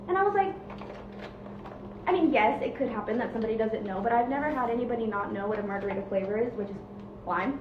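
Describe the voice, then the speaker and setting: Woman server, chatty storytime, high voice, set back from the mic in a room. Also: quick pace. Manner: chatty, asks viewers directly. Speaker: restaurant server. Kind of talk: casual storytime. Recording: distant, roomy, dull lo-fi with background noise.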